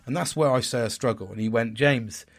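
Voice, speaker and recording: A man's voice: mid-range voice, fast. A man, speaking in a frank, rambling way and swearing freely as he hosts a candid personal talk. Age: 40s. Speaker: podcast host.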